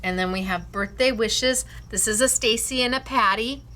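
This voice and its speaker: A woman's voice: a little high, moderate pace, bright, forceful tone. A woman hosting a scrapbooking class, enthusiastically showing and praising her students' cards and laughing often. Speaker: craft class host.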